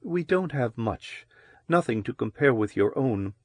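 A man voicing a mature, commanding woman who speaks calmly and in a hushed way in an audiobook reading. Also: mid-range voice, a little slow, slightly rough, no echo. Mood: quiet, gentle. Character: mature commanding woman, calm and low-spoken.

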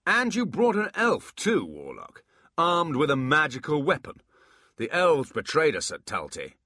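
Man doing a loud, blustering demon warrior. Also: medium pitch, very animated, measured pace, dry recording, clean studio sound, pitched above the performer's own voice, exaggerated voice. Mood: accusing. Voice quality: loud, raised, shouting. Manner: blustering, accusing. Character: blustering male demon warrior leader, proud, hostile.

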